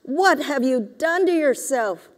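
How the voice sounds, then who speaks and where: Brief: woman reading exclaiming aunt, raised voice, slow delivery, hall reverb. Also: sits high, lively intonation, pitched above the performer's own voice. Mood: dismayed. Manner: exclaiming, dismayed. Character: dismayed older aunt, loud and emotional.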